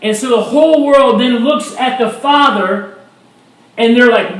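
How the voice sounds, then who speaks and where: A man preaching a sermon as a pastor, animated and rising to shouts at times. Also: very high-pitched, a little slow. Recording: echoey room, mic at a distance.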